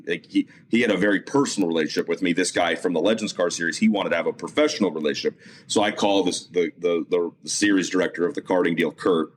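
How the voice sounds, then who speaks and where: A man guest, a motorsport announcer, telling a story in a casual interview, full of fillers and restarts. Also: deep voice. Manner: animated storyteller, many fillers and self-repeats.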